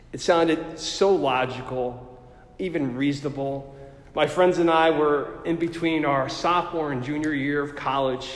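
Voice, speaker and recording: Chatty New man in a roomy hall. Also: mid-range voice. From New Jersey. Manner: chatty, self-deprecating, with many fillers. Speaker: storyteller. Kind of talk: personal faith story. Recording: roomy with long reverb.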